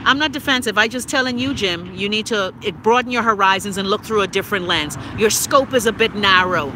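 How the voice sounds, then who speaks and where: A woman's voice: medium pitch, fairly quick, background noise. A woman from the Bahamas with a Bahamian accent, giving blunt, profane political commentary live to her viewers and answering their comments by name. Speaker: live-stream host. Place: outdoors near trees and traffic.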